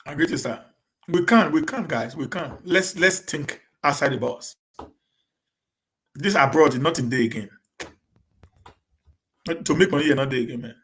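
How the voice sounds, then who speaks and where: A man's voice: fairly high pitch, a bit bright. Stammering Nigerian man hosting a live Q&A. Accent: Nigerian, with Pidgin English. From Edo State, Nigeria. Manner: stammers, repeating words and restarting; talks fast on purpose to avoid getting stuck. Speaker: live-stream host answering viewers. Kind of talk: casual live-stream Q&A.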